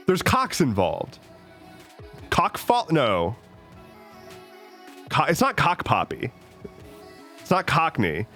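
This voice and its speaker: Lively joking streamer guy. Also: a little high. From United States. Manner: rambling, joking, swearing, many restarts. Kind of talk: casual stream chat. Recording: faint music behind.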